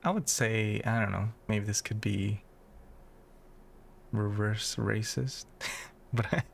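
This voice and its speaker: A man's voice: lowish voice, fairly even intonation, takes it slowly, vocal fry, a little hiss or hum. A young man co-hosting a podcast, chatting casually and rambling a bit, laughing easily. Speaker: podcast co-host. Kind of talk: casual chat.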